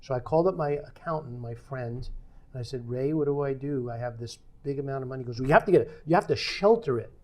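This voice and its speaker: An older man spinning a long story from his career, voicing the other people in it as he goes. His delivery is animated, and he keeps things conversational, with a mid-range pitch that is typical for a man. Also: fast talker. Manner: animated storyteller acting out quoted dialogue. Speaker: podcast guest.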